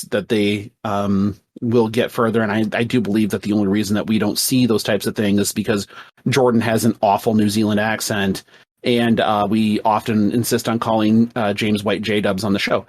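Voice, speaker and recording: A man's voice: fairly low pitch, level tone, moderate pace. A man co-hosting a podcast panel in casual chat, blunt and self-mocking, swearing freely. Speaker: podcast co-host.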